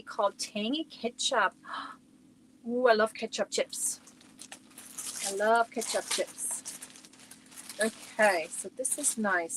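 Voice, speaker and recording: Woman, higher voice, unhurried, chatty livestream host reading viewer comments. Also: noisy background. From Germany. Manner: chatty, reacts to viewer comments while showing yarn. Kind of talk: casual livestream chat. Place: at home.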